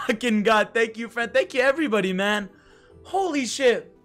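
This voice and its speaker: A live game streamer chatting with viewers, excitable and profane, often shouting in disbelief. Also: high voice, a little slow, soft background music. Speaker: livestreamer. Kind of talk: live gaming stream chat.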